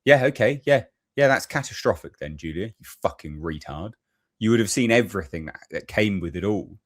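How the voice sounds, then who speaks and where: A man's voice: lowish voice, lively intonation, a little fast, dry recording, clean studio sound. A man hosting political commentary, reacting to a clip with heated, profane ranting.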